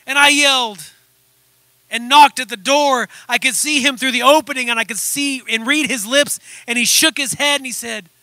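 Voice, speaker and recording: A man's voice: very high voice, bright, forceful tone, no echo. A man voicing a suffering male teacup that recalls being shaped and fired, telling it in a pleading, dramatic way.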